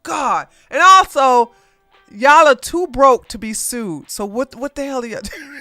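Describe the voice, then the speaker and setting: A woman hosting a casual commentary livestream, chatty and animated, laughing as she reacts. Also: high-pitched, slow, pauses often, dry recording, faint music behind. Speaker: livestream host.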